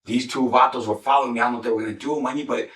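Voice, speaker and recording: Heard from a distance and off mic in an echoey room, this man's mid-range voice is steady and fairly bright. He's a former gang member spinning war stories, raw and profane, rambling fast with heavy slang, nonstop swearing, and a constant "you know what I'm saying."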